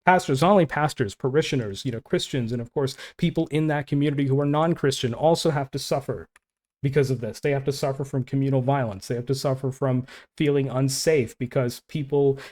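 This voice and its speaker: A man talks through a topic in loose, heated commentary, dropping in "man" and "dude" as he goes. His voice sits at an ordinary middle pitch, and the delivery stays conversational and passionate. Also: fairly quick, a little mellow. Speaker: online Christian commentator. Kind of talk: casual commentary, reading quotes aloud.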